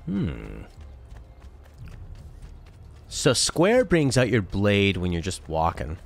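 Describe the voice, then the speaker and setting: Brief: deep-voiced young gaming host, lively, chatty and jokey while playing. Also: male voice, slow, gravelly, soft background music. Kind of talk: casual let's-play commentary.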